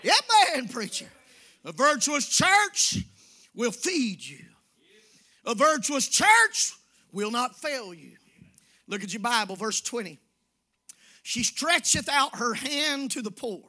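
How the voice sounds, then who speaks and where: High, bright preacher. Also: male voice, sing-song, takes it slowly, pauses often. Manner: folksy preaching that swings from hushed asides to shouting. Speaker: pastor. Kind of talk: sermon. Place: church sanctuary.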